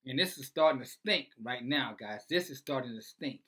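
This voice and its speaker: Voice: mid-range voice, lively intonation, moderate pace, pushed and bright, breathy edge. An online commentator who reads news aloud and preaches about it in a sarcastic way, full of rhetorical questions.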